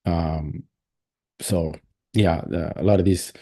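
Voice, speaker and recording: Low, dark-voiced male stream host. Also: slow. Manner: rambling and opinionated, many restarts. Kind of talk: casual live stream commentary.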